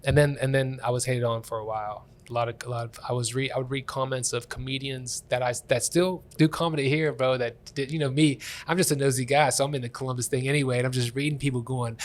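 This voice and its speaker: Guy comedian rattling off stories super quick, laughing a lot, casual podcast chat. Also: medium pitch. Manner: rambling animated storyteller who laughs often. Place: Columbus comedy scene.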